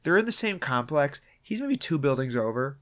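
A man hosting a podcast, recapping a film in casual chat with a wry, profane manner and quick acted-out quotes. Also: a little high, very animated. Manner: wry, swears, acts out quoted lines. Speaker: podcast host.

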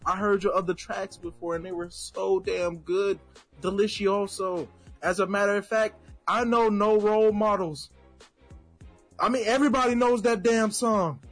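A man's voice: sits high, fairly even intonation, moderate pace. A man co-hosting a podcast in casual chat, blunt and slangy, ranting about music. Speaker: podcast co-host.

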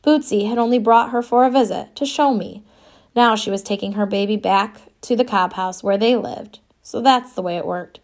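A woman narrates an audiobook from a scripted first-person text, telling the story in a wistful, wry manner. Her voice is medium in pitch, and she reads at a moderate pace.

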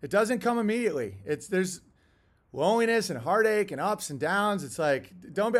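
A man's voice: high-pitched, animated, moderate pace. A man hosting a casual monologue, rambling through tangents with chuckling asides. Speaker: host.

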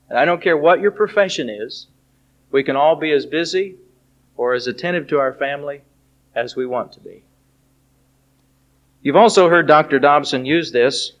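A middle-aged man delivers a sermon with earnest, heartfelt storytelling. His voice sits a bit high for a man. The recording is muffled and lo-fi. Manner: earnest, storytelling, recites song lyrics slowly. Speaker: preacher. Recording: dull lo-fi recording.

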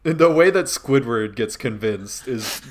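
A man co-hosting a podcast, chatting casually with friends, laughing often and acting out quotes in quick bursts. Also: mid-range voice, animated. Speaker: podcast co-host. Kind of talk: casual chat.

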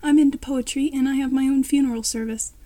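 Woman voicing a quiet gloomy goth girl. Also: sits high, steady tone, fast, voice pushed up, close to an everyday voice.

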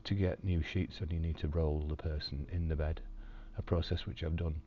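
A man recording a personal video diary from his hospital room, telling a story calmly with dry, wry humour. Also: extremely low pitch, moderate pace, dull audio, a little hiss or hum. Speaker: video diarist in hospital recovery.

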